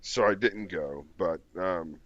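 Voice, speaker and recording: A man with a very deep voice chatting on a podcast. He rambles and restarts his sentences as he tells stories. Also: slow pace, no room sound, highs cut off. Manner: rambling, hesitant. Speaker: podcast co-host. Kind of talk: casual chat.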